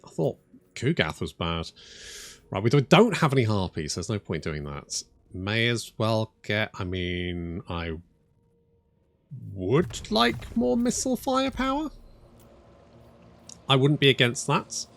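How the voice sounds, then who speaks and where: A man's voice: lowish voice, very animated, measured pace, vocal fry, pauses often, a bit bright. A man giving casual commentary while playing a strategy game, thinking aloud, restarting phrases, swearing freely and making dry jokes at his own expense. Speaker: strategy game let's player.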